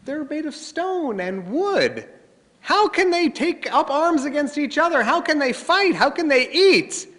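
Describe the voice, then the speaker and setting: A man voicing an angry father who sells idols, shouting in disbelief. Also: very high-pitched, big pitch swings, unhurried, pitched above the performer's own voice, full character voice. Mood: furious. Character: furious middle-aged father, idol seller. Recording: long reverb of a large hall.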